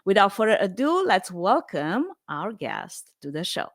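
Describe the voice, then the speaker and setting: A woman's voice: mid-range voice, sing-song, a little slow, very noisy. A woman hosting a podcast interview, upbeat and laughing often as she chats with her guest. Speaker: podcast host.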